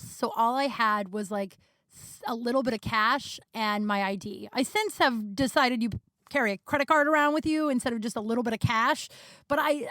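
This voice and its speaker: A woman's voice: fairly high pitch, dry recording, studio quality. Frank, foul-mouthed woman telling a story. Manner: candid, swears freely, heavy use of "like". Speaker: podcast host. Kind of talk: casual personal storytelling.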